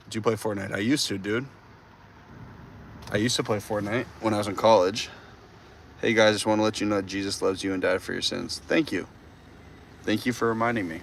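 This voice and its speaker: A man's voice: fairly low pitch, steady tone, brisk, gravelly, a little hiss or hum. A man in his twenties chatting casually with his live-stream viewers from a city street at night, teasing and joking with lots of slang. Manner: playful, teasing, slangy with lots of dude and bro. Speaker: livestreamer.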